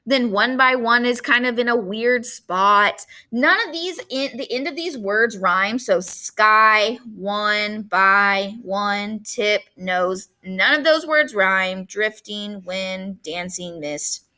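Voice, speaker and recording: A woman's voice: medium pitch, takes it slowly, hardly any pauses. A woman teacher giving a recorded lesson to students, talking to them directly and stressing key points. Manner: lively, emphatic, talks straight to students.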